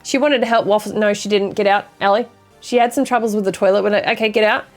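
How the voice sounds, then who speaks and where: A woman's voice: mid-range voice, steady tone, fast talker, soft background music. A young woman streamer chatting casually with her viewers and reading chat aloud, with a dry, sarcastic sense of humor and sassy banter.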